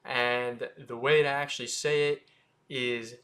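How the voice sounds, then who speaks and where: An American man hosting a watch channel, casually explaining how to say brand names, sounding them out slowly with offhand asides. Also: medium pitch, steady tone, sharp tone. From United States. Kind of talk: casual explainer talking to camera.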